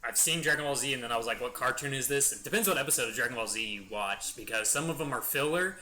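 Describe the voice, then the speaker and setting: A young man narrates a gameplay session in casual, rambling commentary. His voice is very bright and sharp at a mid pitch, and he talks with eager enthusiasm. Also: quick pace. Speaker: gaming channel host. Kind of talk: let's play commentary.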